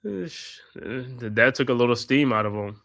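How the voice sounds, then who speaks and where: A man's voice: medium pitch, lively intonation, moderate pace, vocal fry, fairly bright tone, no room sound, clean studio sound. A man hosting a live watch-party podcast, doing casual play-by-play with slangy chat and laughs. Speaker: podcast host calling the game.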